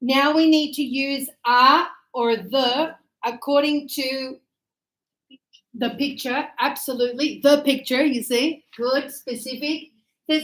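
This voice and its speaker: High-voiced woman teaching a class. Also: fairly even intonation, takes it slowly, fairly bright tone, rough recording. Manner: chatty, checks in with students often. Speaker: English teacher. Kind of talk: classroom grammar lesson.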